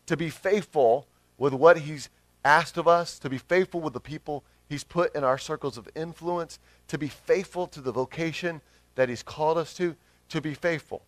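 A man's voice: a little high, normal speed, dry recording. A man in his thirties, a pastor giving an earnest, conversational sermon with rising emphasis.

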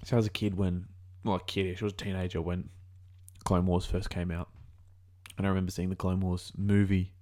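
Low-voiced Australian man musing aloud. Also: level tone, fairly quick, darkish tone. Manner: musing aloud, rambling, self-correcting. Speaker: video reactor. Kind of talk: casual reaction commentary.

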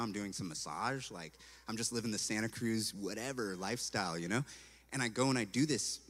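A man from California telling his personal testimony as a story, animated and acting out his own past words, with "like" all through his talk. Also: fairly low pitch. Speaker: speaker giving a personal testimony. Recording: long hall reverb.

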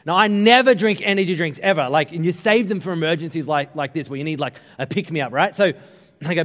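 A man in his thirties preaches in a chatty, humorous way, telling stories. His voice sits a little high for a man. The sound hangs in the long echo of a big church hall. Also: brisk, a bit bright. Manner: conversational, humorous storytelling preaching. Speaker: pastor. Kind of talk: sermon.

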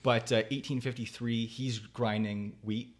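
A man's voice: mid-range voice, fairly even intonation, measured pace. A man, a whisky company founder, telling stories and explaining in a casual podcast interview, with many "um"s. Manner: storytelling, frequent "um" and "uh" fillers.

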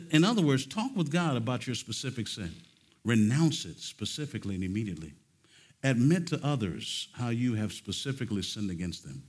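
A man preaching a sermon at a conference, swinging from loud emphatic peaks to low, quiet phrases and firing off rhetorical questions. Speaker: conference speaker. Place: conference stage.

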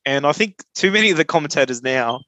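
A man's voice: fairly high pitch, animated, fast, pushed and bright, dry recording. A man co-hosting a casual sports podcast, earnest and talking his thoughts through as he goes. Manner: earnest, filler-heavy, talks things through. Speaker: podcast co-host.

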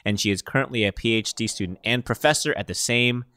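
A man's voice: fairly low pitch, fast, sharp tone, clean tone, dry recording. A man co-hosting a casual chat show who reads news items aloud in a jokey way and laughs as he goes. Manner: jokey, laughs while reading, mangles names on purpose. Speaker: podcast co-host.

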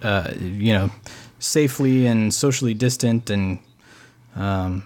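A man co-hosting a podcast, chatting casually and agreeably, often pausing on ums and uhs. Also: lowish voice, a little mellow. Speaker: podcast co-host. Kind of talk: casual chat.

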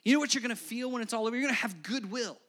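A man preaching a Christmas Eve sermon, animated and playful, speaking to the kids and parents in the room. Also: very high voice, racing. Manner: animated, playful asides to children. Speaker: pastor.

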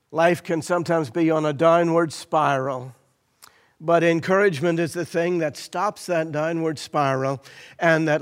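A man preaching a sermon in a church, impassioned, swinging between loud declarations and hushed, near-whispered lines. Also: fairly high pitch.

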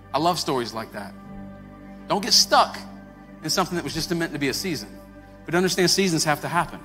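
Male pastor, high and animated, preaching from the stage in a reverberant sanctuary with faint music under him. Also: fairly quick, long pauses. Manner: animated, acts out quoted voices, repeats words. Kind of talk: sermon. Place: church sanctuary.

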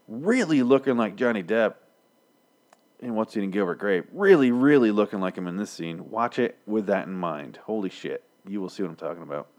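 A man in his thirties giving a rambling, profane casual recap of a TV episode, slipping into characters' lines. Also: lowish voice. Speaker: show recapper.

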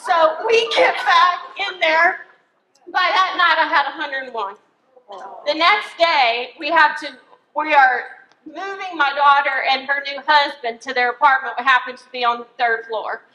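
Woman speaker with a really high bright voice, laughing thru a funny story for a crowd, echoey room. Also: a little slow. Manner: animated, laughs through her own story. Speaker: speaker teaching a church audience. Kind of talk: humorous personal storytelling to an audience.

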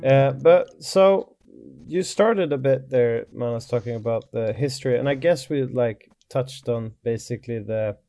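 Gravelly man hosting a podcast. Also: mid-range voice, a little slow, hardly any pauses, warm tone, faint music behind. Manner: asks loose, rambling questions. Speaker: podcast host. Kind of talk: casual chat.

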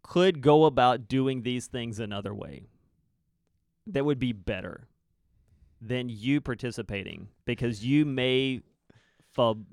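A man co-hosting a church podcast, talking earnestly and putting probing questions with emphatic pauses. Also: medium pitch, darkish tone, clear, resonant tone, no room sound, studio quality.

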